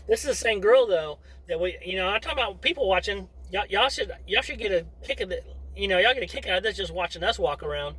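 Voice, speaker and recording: A man's voice: sits high, lively intonation, fast talker, fairly bright tone, slightly rough, poor audio. A middle-aged man chatting to camera as a vlogger in a rambling, wandering way, breaking off into asides. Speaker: vlogger and father. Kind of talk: casual rambling monologue to camera.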